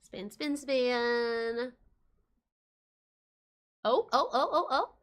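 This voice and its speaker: A woman's voice: fairly high pitch, very slow, a bit bright. A young woman streaming a game, chatting casually and playfully with her chat, often giggling.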